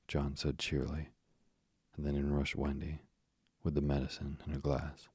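A man narrating a storybook in a measured, deliberate way. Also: rumbling low, completely flat delivery, a little mellow, husky, dry recording, clean studio sound.

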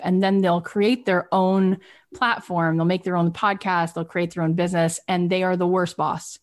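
A woman's voice: on the low side, fairly even intonation, moderate pace. A woman business coach on a group coaching call, talking emphatically and repeating rhetorical questions.

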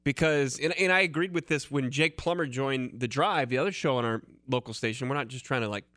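An American man co-hosting a sports podcast, talking in a measured, reasoning way. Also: medium pitch, a bit bright, dry recording, studio quality. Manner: measured, hedging, builds arguments. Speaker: podcast co-host. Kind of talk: casual sports talk.

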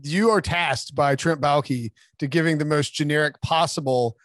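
A man's voice: a little high, moderate pace, fairly bright tone, no echo. A man co-hosting a sports talk podcast with wry, jokey banter. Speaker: podcast co-host.

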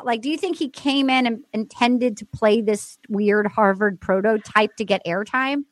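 A woman hosting a podcast, chatting and retelling a TV episode in an animated way. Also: on the high side, moderate pace, hardly any pauses, no room sound. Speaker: podcast host. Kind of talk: casual chat, recapping a TV episode.

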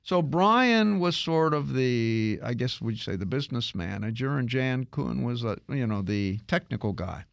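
A man hosting a radio tech show, telling a story in a lively, casual way with many restarts. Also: mid-range voice, unhurried, gravelly, few pauses, no room sound, studio quality. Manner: animated storytelling with frequent restarts.

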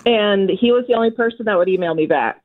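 A woman's voice: mid-range voice, quick pace. A woman from Minnesota calling into a radio show, friendly and confiding, laughing now and then. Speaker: caller. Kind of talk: phone-in chat. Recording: tinny phone line.

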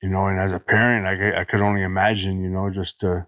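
A middle-aged man from Los Angeles, guest on a podcast, telling his recovery story in halting speech full of restarts. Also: deep voice, flat delivery, fairly bright tone, no echo. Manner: halting, many restarts and "you know"s.

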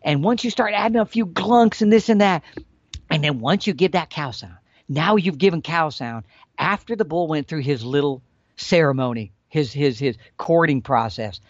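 A man explaining elk calling tactics in a folksy, animated storytelling manner. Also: a little high, normal speed, no room sound, dull audio. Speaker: elk hunting instructor.

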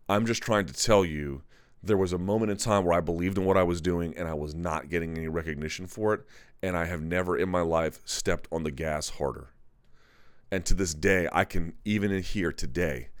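Low, smooth-voiced man hosting a live chat. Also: no room sound, clean studio sound. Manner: candid, rambling, self-correcting. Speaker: MMA live chat host. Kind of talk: casual live-stream commentary.

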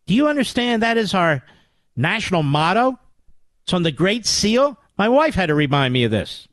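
A man's voice: sits high, big pitch swings, moderate pace, fairly bright tone, no room sound. An older man from the Philadelphia area hosting a political talk radio show, delivering an indignant, sarcastic monologue.

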